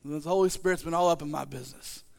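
Male preacher, high voice, animated, emphatic repetition, rhetorical questions, sermon. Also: fast, creaky. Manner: animated, acting out the disciples' voices, rising to shouts.

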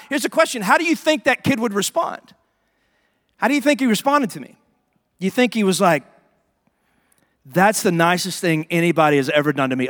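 A man preaching a sermon as pastor, telling stories in an animated way and acting out the people in them. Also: on the high side, in a large hall. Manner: animated storytelling with voiced asides.

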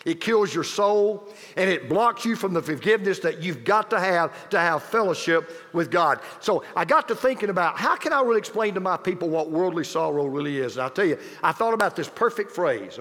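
Animated high-pitched preacher man in a reverberant hall. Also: fairly quick. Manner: emphatic and repetitive, with conversational asides to the congregation. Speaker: pastor. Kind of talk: sermon.

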